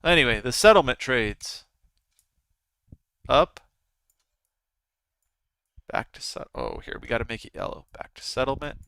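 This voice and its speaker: A man's voice: mid-range voice, lively intonation, measured pace, vocal fry, long pauses, sharp tone, clean tone, no room sound. A man in his thirties hosting a live trading stream, chatting casually with his viewers as he comments. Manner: chatty, talks to viewers and chat. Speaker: livestream trading host.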